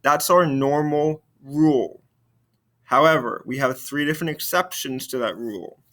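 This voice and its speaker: A man teaching a recorded French lesson, slowly modeling words for students to repeat. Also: on the high side, a bit bright. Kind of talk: recorded video lesson with repetition drills.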